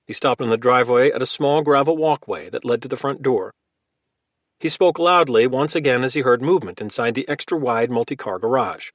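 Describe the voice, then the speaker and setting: A man narrating a thriller audiobook in a steady, clipped manner. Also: mid-range voice, brisk, dry recording, clean studio sound.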